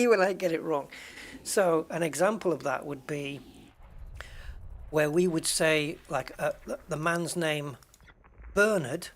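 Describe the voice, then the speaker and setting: A man's voice: on the high side, fairly bright tone, slight background noise. A British man streaming a game, chatting casually with his viewers in a rambling way and often correcting himself. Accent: British English. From United Kingdom. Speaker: game streamer answering chat. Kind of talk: casual chat while gaming.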